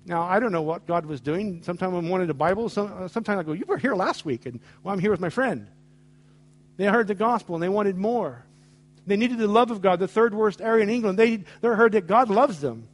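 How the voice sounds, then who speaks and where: A man's voice: sits high, a little fast. Emphatic male preacher. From United States. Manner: storytelling with acted-out dialogue, emphatic. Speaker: pastor. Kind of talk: sermon.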